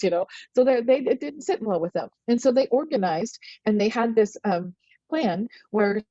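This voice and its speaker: A woman's voice: medium pitch, no room sound. Earnest middle-aged woman, dull lo-fi sound. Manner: earnest, animated storyteller with frequent restarts. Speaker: podcast guest. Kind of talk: storytelling in conversation. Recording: dull, lo-fi and dry.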